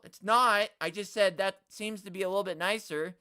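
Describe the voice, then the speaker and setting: A man hosting a live stream, ranting at the chat in an animated, exaggerated way and swearing often. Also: high-pitched, normal speed, hardly any pauses, clear, resonant tone, dry recording, studio quality. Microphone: studio mic, no camera.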